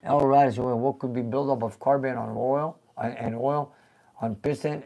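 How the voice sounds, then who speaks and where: An older man hosting a casual live-stream show, reading viewer comments aloud and chatting in an animated way. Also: medium pitch, moderate pace, vocal fry. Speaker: show host.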